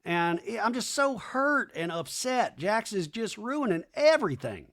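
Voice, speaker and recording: A man imitating an upset young woman reality star in a high, pleading, whiny voice. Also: big pitch swings, measured pace, a bit bright, heavily acted. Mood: hurt.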